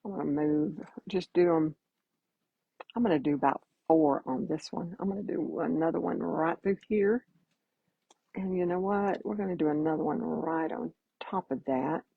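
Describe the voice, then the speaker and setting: Husky, chatty woman teaching painting. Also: lowish voice, normal speed, dry recording, phone-quality sound. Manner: chatty, folksy, greets viewers by name. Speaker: painting instructor. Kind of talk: casual live painting demo.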